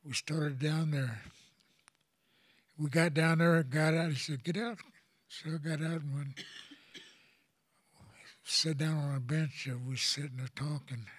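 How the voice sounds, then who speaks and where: An older man from Oklahoma tells a personal story to an audience in a halting, plain-spoken way, often repeating words as he goes. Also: a little high, fairly even intonation, slightly rough, no room sound. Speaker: elder speaker.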